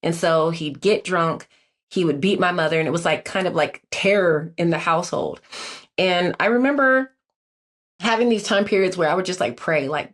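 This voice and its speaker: Woman, forties, low voice, interview guest, earnest, reflective, filler-heavy storytelling. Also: moderate pace. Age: 40s. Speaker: guest, Olympic athlete.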